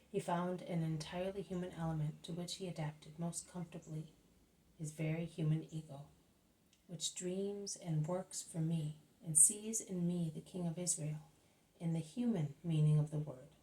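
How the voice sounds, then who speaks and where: Calm stern male teacher, a woman reading him; measured, earnest, mellow low voice, mic set back a bit. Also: close to an everyday voice. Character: calm grave adult male teacher, patient but stern. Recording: voice slightly distant from mic.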